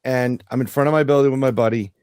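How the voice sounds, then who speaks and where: A man's voice: mid-range voice, quick pace, clear, resonant tone, no echo. Man, middle-aged, podcast co-host, profane storyteller, dry studio sound. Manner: profane storyteller, animated retelling. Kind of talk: casual podcast chat.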